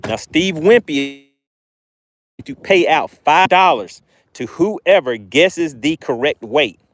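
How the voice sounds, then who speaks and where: Southern guy fishing live, reading chat, chatty and upbeat, kinda high voice. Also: lively intonation, slow pace, dry recording. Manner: upbeat, chatty, shouts out viewers. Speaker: fishing livestream host. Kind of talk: casual livestream chat, reading viewer comments. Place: outdoors fishing.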